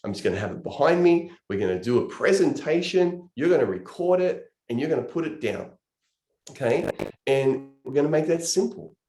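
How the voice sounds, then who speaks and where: A man's voice: fairly high pitch, expressive, a little fast, dark tone, echoey room. A man giving an earnest, emotional motivational talk on sales and recruiting, gesturing with his hands as he explains. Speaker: network marketing trainer.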